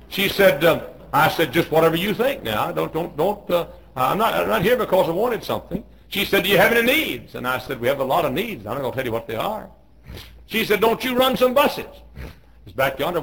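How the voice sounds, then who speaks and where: A man preaching a sermon, telling a story in a folksy way, clearing his throat and restarting often. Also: medium pitch, a bit bright, low-quality recording. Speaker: pastor.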